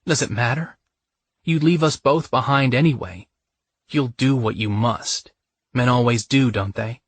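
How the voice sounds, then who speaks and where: A man's voice: mid-range voice, moderate pace, slightly rough, pitched above the performer's own voice, lightly acted. A man voicing a frightened, bitter young woman in a romance audiobook, speaking with pleading emotion. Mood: upset, bitter. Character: young woman, frightened then tender lover.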